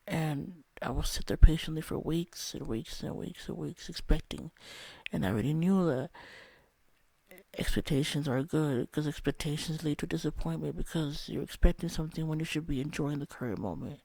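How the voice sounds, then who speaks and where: A man's voice: fairly high pitch, moderate pace, vocal fry, a little mellow, no room sound. A young man telling a candid, rambling personal story about a spiritual experience, swearing often. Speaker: vlogger.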